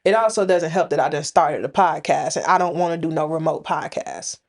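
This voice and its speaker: A woman's voice: sits low, brisk. A woman from the Indianapolis area co-hosting a podcast, talking frankly and colloquially in casual chat. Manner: frank, colloquial, laughs while telling stories. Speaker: podcast co-host.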